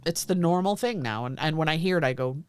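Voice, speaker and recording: A woman's voice: sits low, lively intonation, fast, clean tone, no room sound. A woman co-hosting a podcast, answering in a mid-range voice with emphatic exasperation. She breaks into laughter often and keeps the talk casual. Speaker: podcast co-host. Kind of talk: casual chat.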